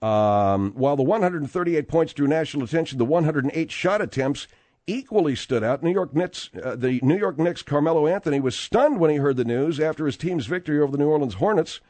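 Male sports radio host, lively and rambling, dry close mic. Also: a little high, a little fast, dry recording. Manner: animated, rambling, with frequent restarts. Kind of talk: sports talk radio banter and news reading.

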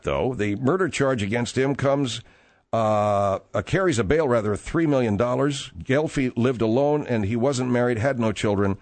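A man's voice: mid-range voice, no room sound. A man hosting a talk radio show, reading news with wry, offhand remarks.

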